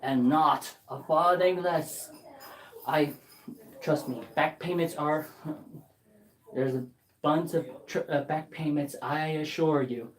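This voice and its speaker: A woman's voice: sits low, slow, long pauses, voice pushed down. A woman voicing old Scrooge on a joyful morning, stammering with glee in a live storytelling. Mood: humble. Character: old male miser, newly giddy and kind.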